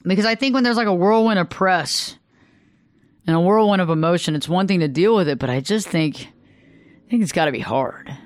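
High-voiced, smooth-toned male radio host. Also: normal speed, no echo, clean studio sound. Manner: animated, chatty, frequent restarts and acted-out quotes. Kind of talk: storytelling monologue.

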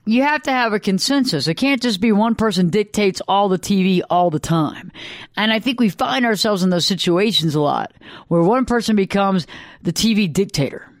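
A woman, a couples therapist, talking casually and acting out quoted arguments in sudden high bursts. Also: lively intonation, moderate pace, no echo, clean studio sound. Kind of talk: casual solo monologue.

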